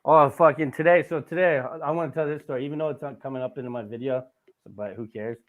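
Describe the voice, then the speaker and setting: A man's voice: mid-range voice, fast talker. A man hosting a casual podcast, telling a rambling, profane story with lots of asides. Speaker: podcast host.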